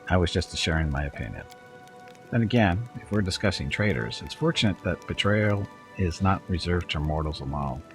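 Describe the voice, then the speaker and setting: A man's voice: deep voice, expressive, moderate pace, soft background music. A man voicing a sly, hard-edged male kobold bard in a game, lecturing and probing as he talks. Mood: conspiratorial. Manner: probing, lecturing, cold when talking of traitors. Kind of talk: reading game dialogue aloud.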